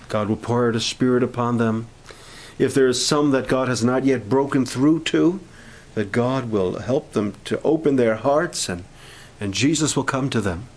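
A man leading a camp prayer meeting, speaking in an informal, halting sermon style with restarts and growing fervor. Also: medium pitch, poor audio.

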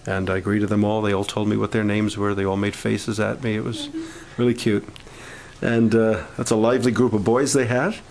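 A man leading a camp prayer meeting, speaking in an informal, halting sermon style with restarts and growing fervor. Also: on the low side, flat delivery, a little mellow, a little hiss or hum, low-quality recording.

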